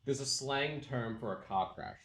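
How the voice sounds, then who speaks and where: A man's voice: mid-range voice, normal speed. Joking Australian man, echoey room. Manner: joking, relaxed, swears. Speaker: tattoo artist and podcast host. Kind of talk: casual chat while tattooing.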